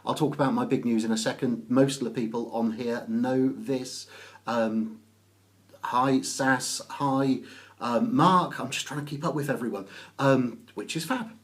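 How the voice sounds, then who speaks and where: A man from Oxfordshire with an English accent, chatting casually on a live stream, greeting viewers by name and pausing often with ums. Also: mid-range voice. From England. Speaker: business networking author.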